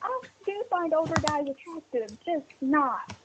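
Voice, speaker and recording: A woman's voice: high-pitched, animated, unhurried. A woman chatting casually in a played video clip, hedging often with "like" and "maybe". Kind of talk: casual chat. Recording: dull clip with faint noise.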